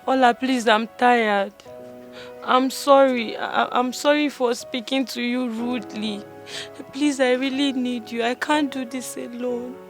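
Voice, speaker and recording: A woman's voice: on the high side, steady tone, unhurried, soft background music. An actress with a Nigerian accent playing a desperate young woman who pleads and stammers as she begs her guardian spirit to come. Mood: pleading. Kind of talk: Nigerian film drama.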